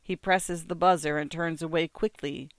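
A storyteller reads a first-person literary passage in a measured, descriptive way. The voice is smooth and clear at a mid pitch, recorded close and dry. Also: fairly even intonation, dry recording. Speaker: narrator.

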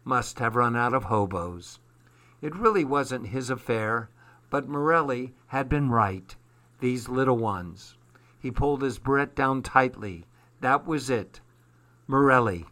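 Male storybook narrator, unhurried, clear bright tone, measured delivery. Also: medium pitch, animated. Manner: slow, measured reading.

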